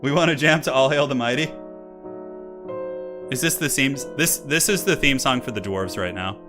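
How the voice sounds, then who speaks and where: A man's voice: mid-range voice, moderate pace. A man hosting a game tournament stream in casual live commentary, chatty and rambling and laughing often. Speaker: tournament stream host and caster. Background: faint classical music playing.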